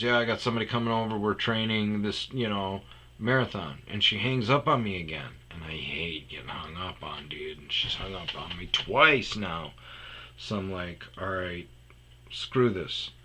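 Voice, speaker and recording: A man's voice: fairly low pitch, sharp tone. A man telling a rambling comedic story about a phone call, often dropping into muttered asides. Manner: rambling, restarts, drops to muttered whispers.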